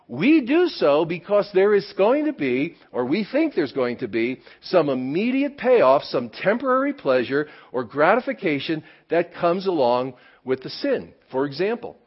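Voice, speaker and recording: A male pastor preaching a sermon at a church service, animated and conversational, with many rhetorical questions to the congregation. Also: on the high side, slightly rough, muffled recording.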